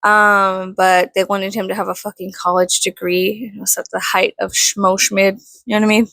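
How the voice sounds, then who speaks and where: A worn-out young woman rambles through her dawn makeup routine, swearing freely and teasing herself. Her voice has a rough, gravelly fry. The sound is dry and close. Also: mid-range voice, flat delivery, moderate pace, a bit bright, dry recording. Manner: tired, swears often, self-mocking. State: tired. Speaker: vlogger. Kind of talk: casual early-morning makeup vlog.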